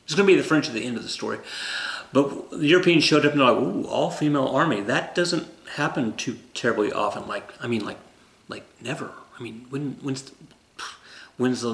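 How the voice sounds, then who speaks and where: A man's voice: mid-range voice, moderate pace. Rambling, jokey male history teacher. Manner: rambling, jokey, self-correcting. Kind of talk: casual recorded lesson. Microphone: camera. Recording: roomy echo.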